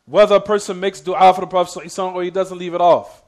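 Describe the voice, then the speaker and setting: Fast-talking man teaching a class. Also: high-pitched. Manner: quizzes the class with "what?" prompts, repeats himself; reads Arabic quotations quickly. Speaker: Islamic teacher. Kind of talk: religious lesson.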